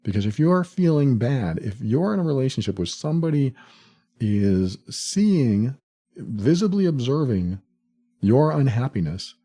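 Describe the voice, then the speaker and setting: A man hosting a solo podcast, speaking reflectively and acting out quoted lines with sudden jumps in pitch. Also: mellow. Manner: laughs at the absurdity. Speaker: podcast host.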